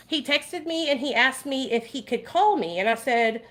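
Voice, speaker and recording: A woman's voice: high-pitched, expressive, moderate pace, few pauses, fairly bright tone. A woman vlogger talking casually and animatedly to her viewers, swearing freely and addressing them directly. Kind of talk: casual livestream commentary.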